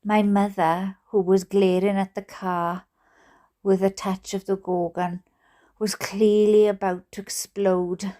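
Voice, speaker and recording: A Welsh woman reading a book aloud in an expressive, playful way. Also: medium pitch, slow. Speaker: storyteller.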